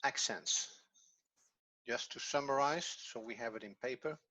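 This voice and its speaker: A teacher quietly narrating what he does on screen, muttering slowly to himself. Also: medium pitch.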